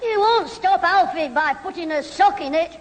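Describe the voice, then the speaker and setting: A man's voice: very high voice, normal speed. A man playing a cocky, wisecracking young schoolboy in a 1970s radio comedy. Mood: cheeky. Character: cheeky mischievous young schoolboy. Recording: old radio recording, loud hiss, hall reverb.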